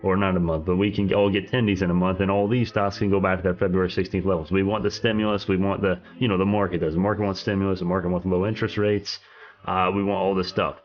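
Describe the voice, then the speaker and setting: A man's voice: low-pitched, level tone, quick pace, highs cut off. A young man with a groggy morning voice, chatting casually about the markets on a live stream, rambling and laughing at himself.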